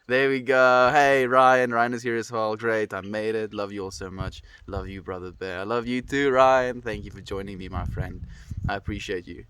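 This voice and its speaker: A man's voice: lowish voice, steady tone, moderate pace, fairly bright tone, clear, resonant tone. A young man with a stuffy nose chatting casually on a livestream, rambling and reflective as he greets viewers.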